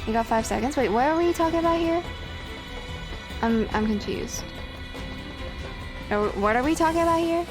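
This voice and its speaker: A woman's voice: sits high, expressive, normal speed, pauses often. A woman streaming a video game, chatting casually, bluntly and self-deprecatingly, swearing often. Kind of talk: casual gameplay commentary. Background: game music.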